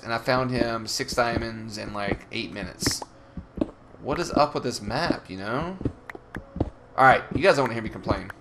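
A man's voice: medium pitch, noisy background. A young man from the Southern United States, chatting and grumbling through profane gameplay commentary as a let's play host.

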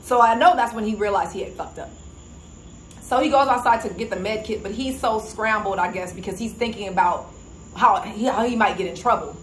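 A woman's voice: mid-range voice, a little fast, a little hiss or hum. A woman vlogger in casual commentary, retelling a story emphatically and indignantly. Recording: echoey room with faint ambience.

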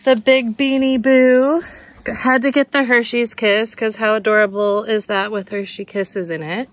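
A woman chatting casually through a shop-with-me vlog, excitable and laughing often as she shows her thrift finds. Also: fairly high pitch, a little slow, no echo. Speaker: thrift reseller vlogger. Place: busy thrift outlet store, then at home.

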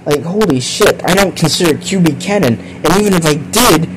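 A man's voice: fairly high pitch, expressive, normal speed, noisy background. A young man streaming live, reacting to chat confessions in a profane, exasperated way with frequent laughter. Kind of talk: casual live stream commentary.

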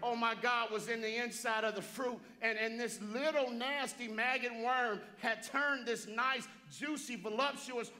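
A pastor preaching a sermon in a church, repeating phrases and calling out to listeners by name. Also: male voice, very high voice, a little slow, hardly any pauses, pushed and bright. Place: church sanctuary.

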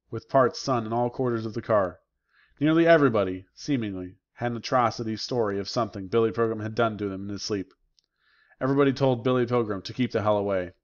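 A man, a teacher, reading a novel aloud as audiobook narration, in a measured, unhurried way. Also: medium pitch, highs cut off.

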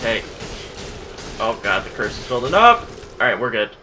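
A man's voice: medium pitch, big pitch swings, normal speed, over music. A man giving live gameplay commentary, exasperated and profane, talking back at enemies as he plays. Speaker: let's play gamer.

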